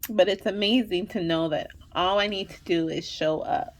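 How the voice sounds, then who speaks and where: A woman's voice: medium pitch, steady tone, normal speed. A woman hosting a spiritual fertility channel, reading angel messages in a monologue. She sounds emotional and near tears, repeats her affirmations and keeps asking "okay?". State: holding back tears. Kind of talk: intuitive card reading monologue.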